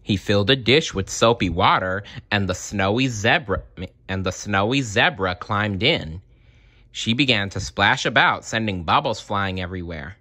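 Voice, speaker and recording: A man's voice: fairly low pitch, moderate pace, no echo. A man reading a children's picture book aloud, adding short asides for listeners. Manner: animated, adds short asides. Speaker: storyteller.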